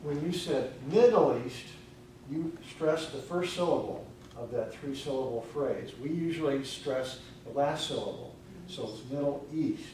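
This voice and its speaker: A man's voice: mid-range voice, darkish tone, recorded from a distance, a little hiss or hum. Man giving grammar notes in echoey room. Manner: dry joking, corrective, pronounces words slowly. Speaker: grammarian and ah counter. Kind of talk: meeting speech evaluation. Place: club meeting room.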